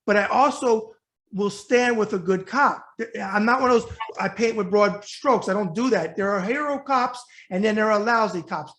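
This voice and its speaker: A man's voice: sits high, fairly bright tone. A man from New York hosting a web talk show, interviewing a guest in a blunt, emphatic way and often repeating himself. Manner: blunt, rapid, emphatic and repetitive. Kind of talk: casual interview.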